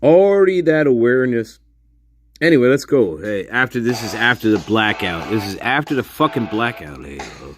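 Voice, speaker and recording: A man's voice: medium pitch, big pitch swings, normal speed. A man hosting a one-man livestream show. He chats casually in a profane, rambling way and laughs often.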